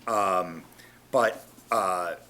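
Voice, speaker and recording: A man's voice: deep voice, drawn-out words, bright, forceful tone, slight background noise. A man on a city council asking a presenter questions, polite and hesitant, searching for his words. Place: council meeting chamber.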